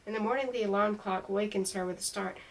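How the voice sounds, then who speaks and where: A woman reading a storybook aloud in a calm, even way, her mic a little distant. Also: medium pitch, fast.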